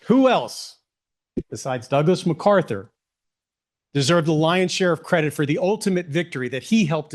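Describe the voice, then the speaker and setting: A middle-aged man with a slightly high voice gives a public history lecture. He keeps it relaxed and conversational, with plenty of ums and rhetorical questions.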